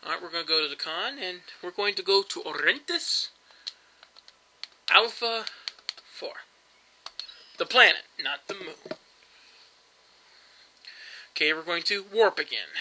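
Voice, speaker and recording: A man's voice: high voice, expressive, unhurried, pauses often, bright, forceful tone, poor audio. A young man casually commenting while playing a video game, rambling with frequent fillers and restarts. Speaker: gameplay commentator. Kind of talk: casual let's-play commentary.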